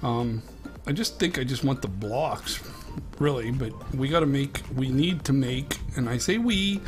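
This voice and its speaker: A man's voice: mid-range voice, measured pace, music in the background. A man with a Western Pennsylvania accent hosting a Minecraft let's-play, chatting in a rambling, casual way as he plays. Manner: chatty and rambling, talks to the animals on screen. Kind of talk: casual gameplay commentary.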